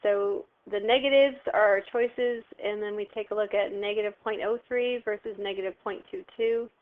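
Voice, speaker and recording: Lady teacher doing a video math lesson, patient, quizzes herself out loud, sounds like over a phone. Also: medium pitch, steady tone, normal speed, smooth, phone-quality sound. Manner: patient, step-by-step, asks and answers own questions. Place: home, phone heard behind.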